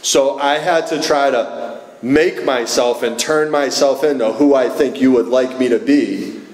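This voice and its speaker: A man's voice: mid-range voice, a little slow, a little mellow. Man telling his recovery story. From Massachusetts. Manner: storytelling with lots of filler words and quoted dialogue. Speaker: recovery meeting speaker. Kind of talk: personal recovery talk to an audience. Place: meeting hall. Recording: echoey room.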